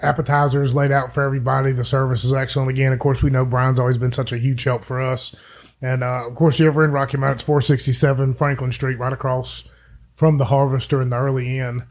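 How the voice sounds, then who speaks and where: Gravelly Appalachian man, dry humor. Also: mid-range voice, flat delivery, fast talker, a little mellow. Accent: Appalachian American. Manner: dry joking, folksy. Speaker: podcast co-host. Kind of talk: casual chat.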